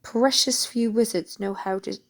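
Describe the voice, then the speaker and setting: A woman playing an angry, protective middle-aged father wizard who speaks forcefully. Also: fairly high pitch, a little slow, vocal fry, voice pushed up. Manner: forceful, reproachful.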